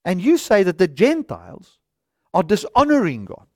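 A man's voice: high voice, wildly swooping pitch, normal speed, darkish tone, dry recording. A man preaching a sermon from a studio stage, reading scripture aloud and reasoning through it with rhetorical questions.

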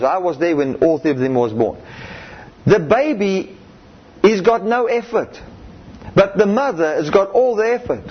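A man's voice: high-pitched, breathy edge. A middle-aged man preaching a sermon, emphatic and repetitive, punctuating points with hallelujah and amen, on a muffled lo-fi recording.

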